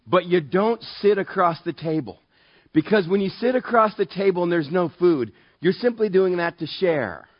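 A man's voice: expressive, no echo, highs cut off. A man preaching as a pastor, telling self-deprecating stories and acting out both sides of conversations, from Southern California. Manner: self-deprecating, acts out dialogue with quick pitch jumps. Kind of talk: conversational sermon with storytelling.

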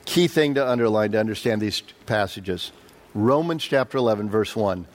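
A man preaching a conversational Bible-study sermon, quizzing the audience and voicing quotes with animated leaps. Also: moderate pace. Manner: animated, jumps up in pitch for quotes. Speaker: pastor. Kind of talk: sermon, verse-by-verse Bible teaching.

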